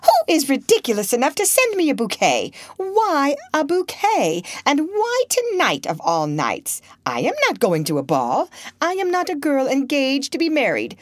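Lady doing a proud young countess in an audiobook, shrill and bossy, pitched up high. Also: wildly swooping pitch, normal speed, no echo. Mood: indignant. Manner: shrill and commanding. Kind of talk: audiobook character reading.

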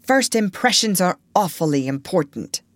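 A woman reading an audiobook, voicing a bold, bossy boy leader who gives brisk, self-assured orders. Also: fairly low pitch, lively intonation, no room sound, studio quality, natural voice. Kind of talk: audiobook character voice.

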